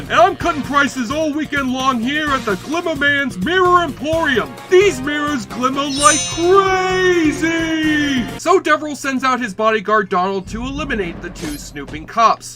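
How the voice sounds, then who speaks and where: A man narrating a comedic movie review with sarcastic jokes and asides. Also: high voice.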